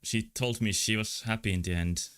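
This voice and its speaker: A man's voice: fairly low pitch, fairly even intonation, moderate pace, fairly bright tone, clean tone. A man playing a story game, reading the dialogue aloud in a plain voice and joking about it. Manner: reads text in a plain voice, then jokes and reacts. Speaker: let's play streamer.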